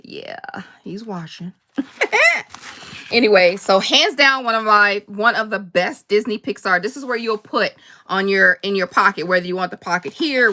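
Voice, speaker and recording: A woman hosting a casual live crafting chat, rambling warmly between laughs and answering viewer comments. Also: medium pitch. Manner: chatty and rambling, laughs often, quick asides. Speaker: crafting channel host.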